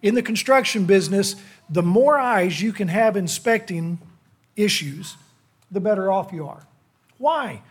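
A man's voice: sits high, lively intonation, measured pace, slightly rough. A middle-aged man, a lay preacher delivering a sermon to a church in a folksy, self-deprecating, conversational manner.

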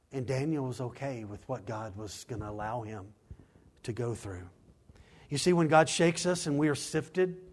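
Guy preaching a sermon, goes quiet and slow then gets loud reading verses, does little voices for the people in the story. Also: medium pitch. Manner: swings from hushed, slow emphasis to loud, rising scripture reading. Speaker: pastor.

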